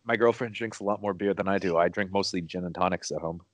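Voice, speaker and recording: Male co-host, rapid and chatty, a bit low in pitch. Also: no room sound. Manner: chatty, rambling storyteller. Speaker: podcast co-host. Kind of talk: casual chat.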